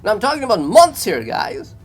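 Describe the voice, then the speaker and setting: High-voiced man ranting about a purchase. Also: huge pitch swings, a little fast, husky, faint music behind, poor audio. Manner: exasperated, retelling phone calls in his own words; loose, repetitive storytelling with short clipped phrases. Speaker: vlogger reviewing a product. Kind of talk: complaint story told to camera.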